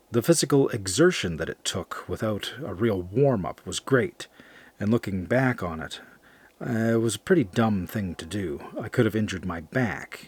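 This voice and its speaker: A man narrating a first-person horror story in a measured, confessional way. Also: on the low side, breathy edge.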